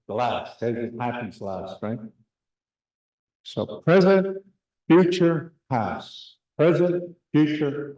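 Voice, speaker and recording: A man teaching a classroom language lesson. He speaks slowly, drills words and has the class repeat them. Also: medium pitch, a little mellow, roomy sound, rough recording. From Canada.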